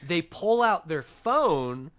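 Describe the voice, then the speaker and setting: A man's voice: on the high side, slow. A man co-hosting a podcast, telling a travel story in casual chat and acting out what people said. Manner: animated, acts out quotes with voices. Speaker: podcast co-host, touring musician.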